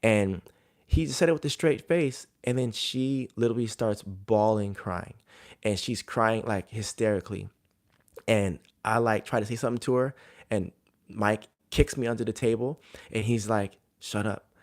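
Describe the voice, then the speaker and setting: Low-voiced casual coach giving advice. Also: male voice, moderate pace. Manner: conversational, filler-heavy storytelling. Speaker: jump coach.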